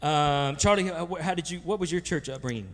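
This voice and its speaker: A man's fairly high, fairly bright voice, a little fast, carries through a church sanctuary with long hall reverb as he moderates a panel. His on-stage storytelling is casual and rambling, packed with jokes and restarts.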